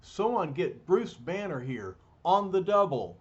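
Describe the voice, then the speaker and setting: A man's voice: fairly high pitch, big pitch swings, moderate pace. A man voicing a grumpy army general who barks his orders, on a dull lo-fi recording. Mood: gruff. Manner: barking, gruff.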